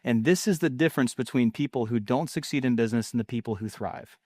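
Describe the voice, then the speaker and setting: A man giving a casual, energetic talk about marketing in a salesy, conversational way. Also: mid-range voice, fast talker, dry recording, studio quality. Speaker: marketing speaker.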